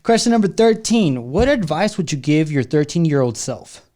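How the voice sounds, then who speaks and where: A man's voice: fairly high pitch, very animated, normal speed, mellow. Joking slangy man hosting a podcast. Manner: laid-back, jokey, slangy, says "bro" often. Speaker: podcast host. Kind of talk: casual podcast interview.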